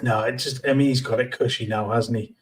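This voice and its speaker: A man co-hosting a casual football podcast, giving blunt, measured opinions with frequent restarts. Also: mid-range voice, steady tone, poor audio. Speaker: podcast co-host.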